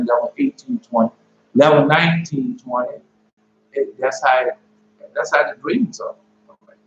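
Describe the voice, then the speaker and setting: A man recounting his dreams in a casual, rambling way, halting often and repeating and correcting himself as he goes. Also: a little high. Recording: roomy, dull lo-fi with faint hum.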